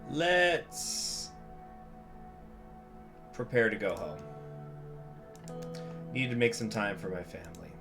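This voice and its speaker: A man's voice: on the low side, big pitch swings, takes it slowly, gravelly, long pauses, music in the background. A man giving casual let's-play commentary, thinking aloud with wry, joking asides. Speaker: gameplay commentator.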